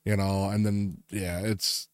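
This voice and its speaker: Low-voiced joking male podcast co-host. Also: little pitch movement, slow, clean tone, no echo, studio quality. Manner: joking, teasing, swears freely, laughs often. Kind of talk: casual chat.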